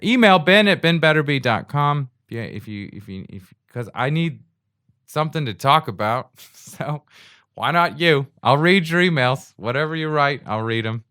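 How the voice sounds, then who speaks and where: A man's voice: medium pitch, bright, forceful tone, clear, resonant tone, no room sound, clean studio sound. A man hosting his own podcast in a rambling, self-deprecating comic monologue, laughing between phrases, recorded on a USB mic. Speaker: podcast host. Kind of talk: solo comedic monologue. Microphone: secondhand USB mic.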